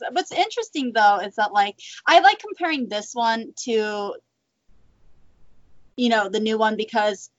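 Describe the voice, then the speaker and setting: A woman's voice: on the high side, animated, a little slow, a bit bright, dry recording, dull audio. A woman co-hosting a podcast, gushing bluntly and acting out quotes in casual chat. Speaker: podcast co-host.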